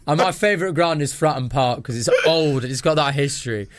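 A man's voice: on the high side, brisk. A British man co-hosting a football podcast who talks emphatically and repeats his phrases in casual banter. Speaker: podcast co-host.

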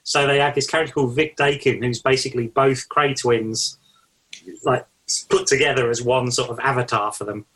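A man in casual podcast chat talks keenly about films, leaning on fillers. His voice is husky and mid-pitched. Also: steady tone, moderate pace, a bit bright. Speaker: podcast co-host.

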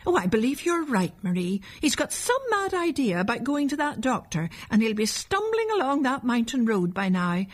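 A woman's voice: on the high side, sing-song, moderate pace, few pauses, voice pushed up. A woman voicing an anxious mother in a storybook reading, speaking sharply. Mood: worried. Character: worried mother, sharp-voiced.

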